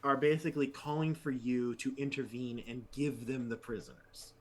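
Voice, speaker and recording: A man's voice: medium pitch, normal speed. A man narrating a tabletop game as game master, with a rambling way of talking full of fillers.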